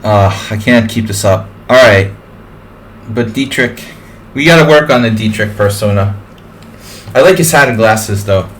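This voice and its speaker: A man's voice: lowish voice, measured pace, pauses often, a little hiss or hum. A man streaming live, giving casual, chatty chess commentary. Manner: chatty, rambling.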